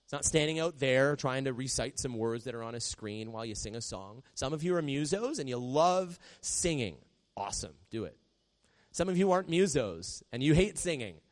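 A man preaching from the stage in a relaxed, talking style. His pitch sits at an ordinary middle level. When he acts out a prayer he drops into a quiet, gentle hush. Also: normal speed. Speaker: pastor. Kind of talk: sermon.

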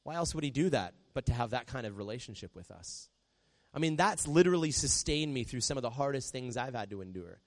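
Conversational preaching man, soft hushed asides. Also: mid-range voice, animated, fairly quick. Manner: conversational preaching, drops to a soft hush when quoting prayers. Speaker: pastor. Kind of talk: sermon.

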